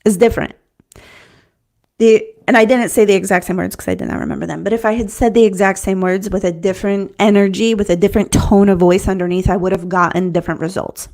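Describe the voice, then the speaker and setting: A woman business coach talks to camera in an earnest, conversational teaching style, often restarting phrases and checking in with "right?". Her mid-range voice is steady and darkish, and she speaks quickly.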